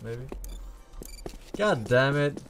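Exasperated, swearing game streamer. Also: male voice, medium pitch, animated, drawn-out words. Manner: profane, exasperated. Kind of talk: casual game commentary. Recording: loud game noise behind.

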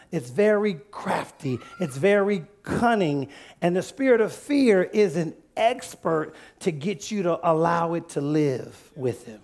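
A man preaching a sermon as pastor of a church, calling out questions to the congregation and rising to shouts as he reads scripture. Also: high-pitched, creaky. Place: church sanctuary.

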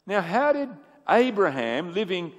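A man preaching a sermon. He swings from booming emphasis to hushed asides and asks the audience questions. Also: very animated, unhurried. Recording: echoey hall with long reverb.

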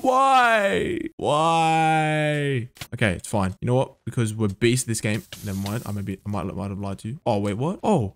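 Man, gameplay commentary, excitable, outbursts, muttering, swearing. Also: medium pitch, a little hiss or hum. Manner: excitable, frequent gasps and outbursts; mutters to himself, swears when frustrated. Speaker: gaming video creator.

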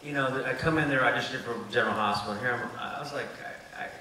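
A man's voice: medium pitch, rapid-fire. A man, an actor and writer on a panel, telling comic anecdotes and acting out the voices in them, laughing often. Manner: animated, acts out voices in his stories, laughs often. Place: event space with audience. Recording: echoey room, distant mic, background noise.

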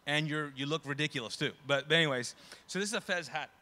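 A man preaching a sermon as pastor in a conversational way, often restarting and correcting himself, and growing loud and lively when he tells stories. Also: on the high side, fast talker. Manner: grows loud and animated when telling stories.

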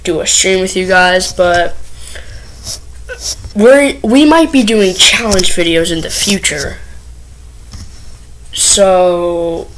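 A woman's voice: on the low side, slow, pauses often, background noise. Nervous rambling woman vlogger. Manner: nervous, rambling, many fillers. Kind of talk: casual first vlog to camera.

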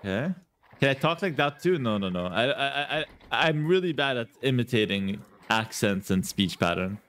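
A man streams a strategy game with casual, playful commentary, speaking at normal speed in a mid-range, fairly bright and expressive voice. Chatting with viewers he calls "guys," he repeats words as he thinks things through.

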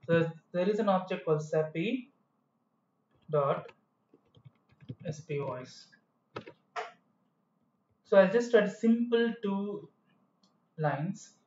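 The tutor's voice is fairly high and a little mellow, with slight background noise. He records his screen for a coding tutorial, explaining in a rambling, self-correcting manner in a room that sounds dull and echoey.

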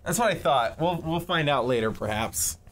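A man's voice: on the high side, animated, normal speed, a bit bright, slight background noise. A young man teasing and joking wryly during a game playthrough. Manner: wry, teasing. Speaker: let's play commentator. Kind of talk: casual gaming chat.

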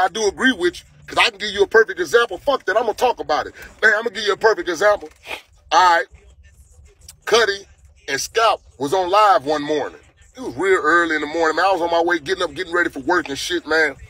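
A man telling a story on a casual livestream, animated and profane, repeating his phrases. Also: sits high, fairly quick, husky.

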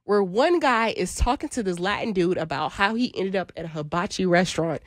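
A woman's voice: lowish voice, a little fast, no echo, clean studio sound. A woman co-hosting a podcast, telling a story in casual chat and laughing often as she goes. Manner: animated, laughs often while telling stories. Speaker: podcast co-host.

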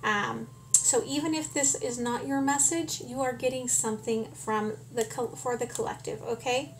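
A woman giving a tarot reading, speaking calmly and often checking in with "okay?". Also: a little high, normal speed, slight background noise. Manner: calm, frequent "okay?" check-ins. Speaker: tarot reader.

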